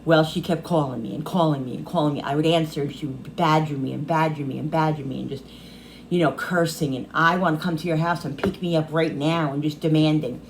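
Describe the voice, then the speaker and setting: A woman's voice: low-pitched, fairly even intonation, brisk, a little hiss or hum, poor audio. A middle-aged woman vlogging, telling a personal story through tears, rambling and restarting often. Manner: tearful, rambling, many restarts. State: crying.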